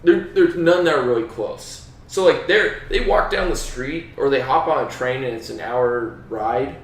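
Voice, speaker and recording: A man's voice: medium pitch, normal speed. A young man co-hosting a casual podcast chat. He laughs often and sounds easygoing. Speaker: podcast co-host. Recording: roomy, distant mic.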